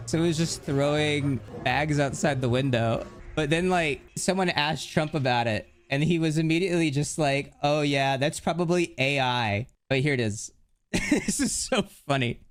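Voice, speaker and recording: A man live streaming in casual chat, rambling and stringing thoughts together with constant fillers. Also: mid-range voice. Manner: rambling, heavy use of "like" fillers. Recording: music playing underneath.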